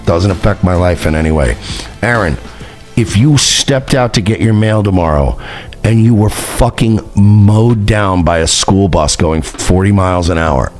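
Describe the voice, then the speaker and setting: A man hosting his own online show, delivering a profane, mocking rant at a rival, taunting and sarcastic. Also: on the low side. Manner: sarcastic, taunting, swings between shouting and muttering.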